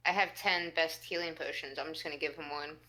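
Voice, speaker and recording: A woman's voice: low voice, fairly even intonation, fairly quick, bright, forceful tone, rough recording. A woman playing a tabletop role-playing game, chatting casually and laughing often as she describes her character. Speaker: player.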